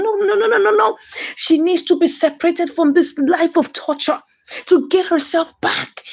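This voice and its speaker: High-pitched Nigerian woman recapping a drama. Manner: acts out the characters' lines with dramatic emotion. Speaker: recap host retelling a comedy-drama series. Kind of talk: animated episode recap and commentary.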